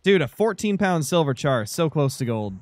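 A man's voice: a little high, sing-song, moderate pace, a little mellow, dry recording. A man playing along on a game stream, laid-back and joking in casual chat. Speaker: stream co-player.

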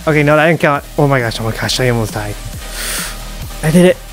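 A young man commentating a horror game as he plays, muttering, whispering and panicking with rapid repeats. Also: on the high side, animated, faint music behind. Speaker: gaming YouTuber. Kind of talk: live gameplay commentary.

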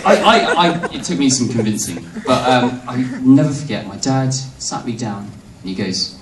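A man's voice: medium pitch, expressive, heavy background noise. Young man doing stand-up in an echoey hall. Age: young adult. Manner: quick, cheeky delivery with playful asides to the crowd. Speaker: student stand-up comedian. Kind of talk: stand-up comedy set. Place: large hall on stage. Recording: echoey hall from far off, loud crowd laughter.

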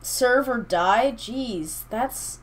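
A woman's voice: a little high, very slow, slight background noise, poor audio. A woman hosting a let's-play, commenting casually on her strategy game in a rambling, hesitant way that keeps correcting itself. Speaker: gaming channel host.

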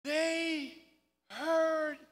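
A male pastor preaching a live sermon, calling on congregation members by name and breaking into loud shouts. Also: very high-pitched, fairly even intonation, drawn-out words. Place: large church hall. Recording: live in a reverberant hall with congregation.

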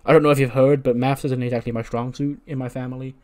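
A man's voice: mid-range voice, flat delivery, quick pace, mellow, close to an everyday voice. A man putting on a dim but eager strongman wrestler. He talks in short, blunt bursts.

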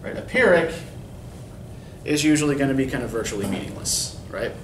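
A man's voice: medium pitch, lively intonation, fairly quick, distant mic, background noise. Lecturing man in an echoey classroom. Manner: explanatory, keeps asking "right?". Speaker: English instructor. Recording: echoey classroom recorded from afar.

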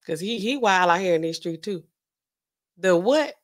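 A woman's voice: on the low side, moderate pace. A woman pharmacist hosting a casual livestream, chatting loosely with features, reading out viewers' comments, laughing often and reacting with big swings in her voice. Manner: chatty, animated, laughs often, talks back to chat.

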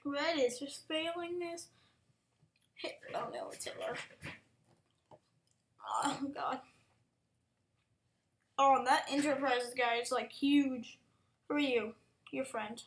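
High-voiced, excitable woman gamer. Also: slow, long pauses. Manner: excitable, frequent exclamations and whispered asides. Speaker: gameplay commentator. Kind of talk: casual gaming commentary.

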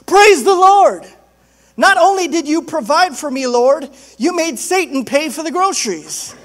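Man putting on a shrill, jubilant old church lady. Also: animated, unhurried, full character voice. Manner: loud, high, joyful shouting. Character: cheerful elderly Christian lady shouting praise.

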